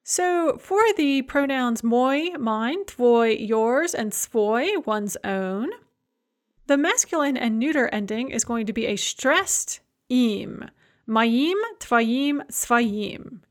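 A woman with a slightly high voice explains grammar endings slide by slide. She talks in a calm, orderly teaching manner and pauses to read each example word aloud. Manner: clear, methodical, reads out example words. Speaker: language teacher.

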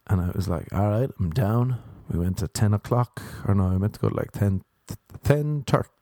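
Deep, dark and brisk, this young Irishman's voice carries his solo podcast, with no room sound in the recording. As host, he wanders through self-deprecating anecdotes in a loose, rambling monologue.

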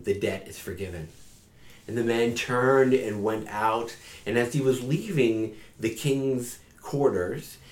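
A man's voice: medium pitch, darkish tone. A man retelling a parable in a casual storytelling sermon, with fillers along the way. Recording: echoey room.

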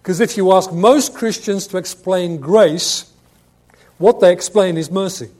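A man preaching a sermon, stressing key words loudly, then dropping to quiet asides and asking the congregation questions. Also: high-pitched, a little slow. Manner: emphatic, swings between loud urgent stress and quiet asides.

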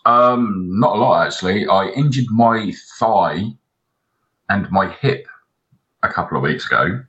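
Brief: male podcast co-host, lowish bright voice, tells sweary rambling stories. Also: expressive, measured pace, dull audio. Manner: rambling anecdotes, heavy swearing. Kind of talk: casual chat.

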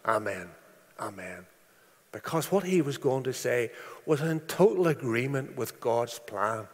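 A man preaching a sermon in a slow, deliberate way, dropping low and soft when he quotes scripture. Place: church. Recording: long church reverb.

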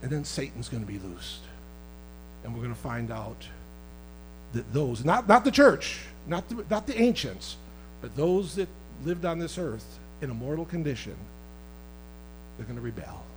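A man preaching a sermon as pastor, swinging from loud impassioned outbursts to quiet conversational asides and teasing his congregation. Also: medium pitch, lively intonation, normal speed, pauses often, background noise.

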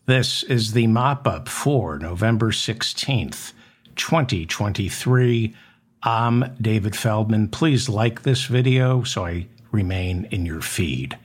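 A man hosting a satirical news commentary, delivering a sardonic, mocking monologue with deliberate emphasis. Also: lowish voice, slightly rough.

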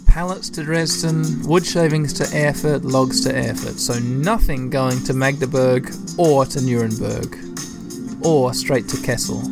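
A man's voice: medium pitch, a little slow, loud music behind the voice. A man giving casual gameplay commentary as a let's-play host, chatty and thinking aloud as he talks to his listeners.

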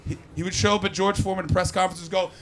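A man performing a stand-up comedy set on stage before a live audience, profane and animated, teasing the crowd. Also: sits high, racing.

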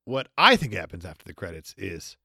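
A man co-hosting a casual comedy podcast, jumping into mock-outraged outbursts. His voice is very bright with a gravelly grain and lively pitch. The sound is dry and close. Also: fairly quick, no room sound. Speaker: podcast co-host.

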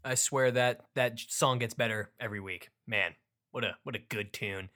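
A man's voice: medium pitch, moderate pace, bright, forceful tone, faint music behind. A young man hosting a casual sports podcast, upbeat and joking as he hypes up the show. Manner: upbeat, joking, hype-style show intros. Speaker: podcast host.

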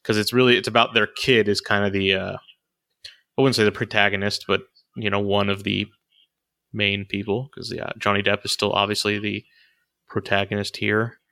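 A man's voice: lowish voice, flat delivery, normal speed, creaky, pushed and bright. A man co-hosting a casual movie chat, rambling with lots of fillers and restarts. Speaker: podcast co-host reviewing movies.

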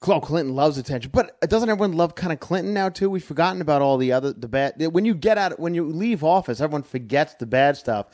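A man's voice: a little high, expressive, quick pace, few pauses, darkish tone. A man co-hosting a casual chat show, easygoing and agreeable, telling rambling stories. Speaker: podcast co-host.

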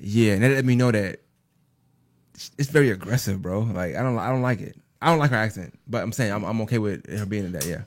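A man's voice: fairly low pitch, no room sound, studio quality. A man from New York co-hosting a casual podcast. He talks in a playful way and often repeats words as he starts a thought. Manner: fast, playful, stammering repeats. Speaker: podcast co-host. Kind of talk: casual chat.

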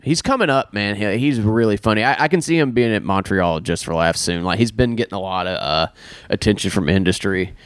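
A man's voice: on the low side, fairly quick, clean tone, no room sound, clean studio sound. A man who co-hosts a podcast, joking in casual chat with a loose, profane way of talking. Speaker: podcast co-host and comedian.

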